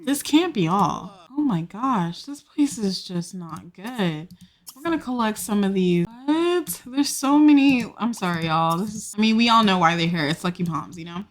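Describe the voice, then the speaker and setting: A woman's voice: mid-range voice, lively intonation, normal speed. A young woman hosting a casual let's play, chatting and inventing stories for her characters as she plays, recorded on a desktop microphone. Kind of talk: casual gameplay narration. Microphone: desktop USB mic.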